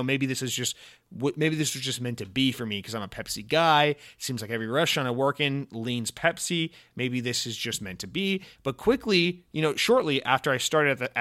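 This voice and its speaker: Rambling mock-serious male podcast host. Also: medium pitch. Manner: mock-serious, rambling, animated with many restarts and fillers. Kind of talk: solo podcast rant.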